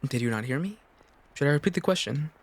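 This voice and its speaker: A man's voice: on the high side, lively intonation, fast talker. A man voicing a frightened fourteen-year-old noble girl, anxious and scolding herself. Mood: probing.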